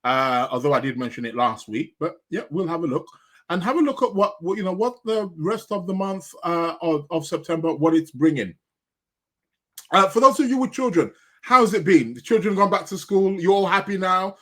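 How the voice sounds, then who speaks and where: A man's voice: high-pitched, animated, moderate pace, a bit bright. A man hosting a live astrology podcast, chatting casually with many fillers and restarts while eating. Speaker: podcast host. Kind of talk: casual live-stream chat.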